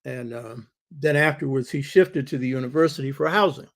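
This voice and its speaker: A man's voice: mid-range voice, fairly quick, gravelly. An older man hosting his own show, giving an emphatic monologue lecture from his home study and repeating key phrases for stress. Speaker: show host.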